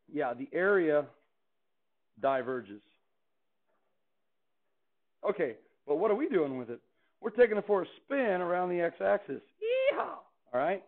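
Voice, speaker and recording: A man teaching a calculus class in a chatty, playful way, often asking the students questions. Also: fairly high pitch. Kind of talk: classroom lecture. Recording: tinny phone-like classroom recording.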